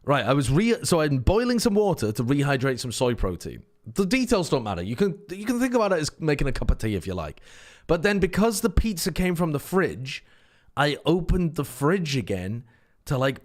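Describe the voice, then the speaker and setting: A man with an English accent co-hosting a watch party, joking and swearing in quick casual banter. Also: a little high, big pitch swings. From Britain. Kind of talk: casual chat.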